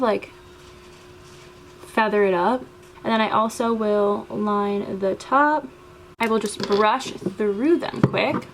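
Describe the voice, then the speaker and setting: A woman's voice: a little high, a little hiss or hum. Chatty young woman explaining makeup steps. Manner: chatty, step-by-step, with frequent "like". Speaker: beauty vlogger. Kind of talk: makeup tutorial voice-over.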